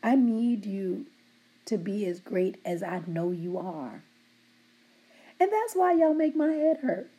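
A middle-aged woman who supervises a work team, giving them affectionate shout-outs and teasing them while laughing often. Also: medium pitch, lively intonation, slow pace, long pauses, breathy edge.

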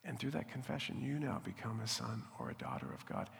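A man preaching a sermon in an earnest voice, at times dropping to a hushed, prayerful tone. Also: medium pitch, huge pitch swings, brisk, vocal fry, hardly any pauses, long reverb tail. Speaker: pastor.

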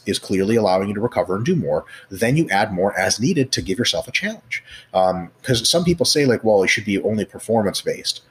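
A man, a guest expert, explaining in casual chat, animated and profane, with many fillers. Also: on the low side, husky. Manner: profane, animated, acts out scenarios; many fillers like "like" and "you know".

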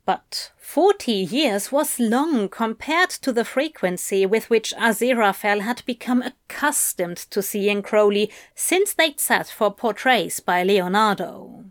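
Woman reading a story out loud, slow and gentle, kinda high voice, dry sound. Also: no room sound. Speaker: narrator.

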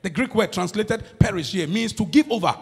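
A man preaching a sermon as pastor, swinging between loud shouts and low murmurs. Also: expressive, a little fast, gravelly, husky. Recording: long hall reverb.

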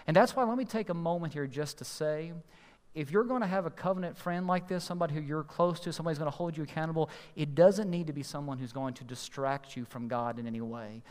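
A man preaching a sermon as pastor, earnest and emphatic, slowing to stress key phrases. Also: fairly high pitch, a little mellow. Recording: long hall reverb.

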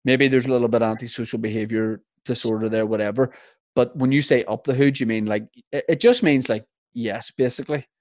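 A man's voice: medium pitch, fairly even intonation, fairly quick, no room sound, clean studio sound. A man with a Northern Irish accent hosting a casual interview, chatty and rambling with lots of fillers.

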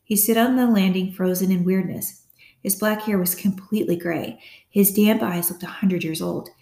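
Woman, audiobook narrator, steady storytelling, middle pitch, echoey room. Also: normal speed, vocal fry. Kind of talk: scripted narration. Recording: roomy echo.

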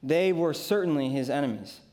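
Emphatic, slightly high-voiced male preacher. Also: lively intonation, a little mellow. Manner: dramatic, emphatic preaching with slow, deliberate phrases; retells scripture vividly and shares personal stories. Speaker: pastor. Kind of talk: sermon.

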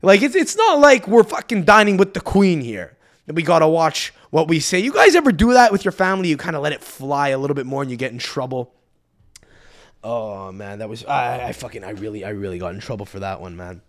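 A young man hosting a podcast, telling a story as a profane, animated rant that swings between loud outbursts and muttered asides. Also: medium pitch, a little fast. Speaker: podcast host. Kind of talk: ranting storytelling monologue.

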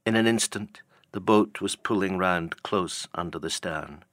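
A man narrating a classic novel in a measured, steady storytelling manner. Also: low voice, no echo, studio quality. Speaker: audiobook narrator. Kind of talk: scripted narration.

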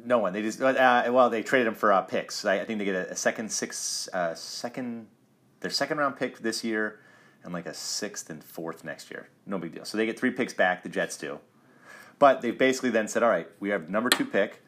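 A man's voice: lowish voice, moderate pace, a bit bright. A middle-aged man co-hosting a casual sports podcast, teasing and quizzing his co-host.

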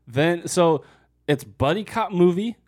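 A man co-hosting a podcast in animated casual chat, laughing often as he talks about a film. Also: high-pitched, slow. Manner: animated, laughs often, breaks into a mock accent. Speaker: podcast co-host.

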